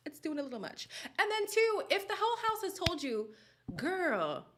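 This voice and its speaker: A woman's voice: high voice, moderate pace. Woman host, casual commentary, sassy and direct, voice swinging up and down a lot. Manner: animated, sassy, talks straight to viewers. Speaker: reality TV commentator. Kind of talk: casual chat.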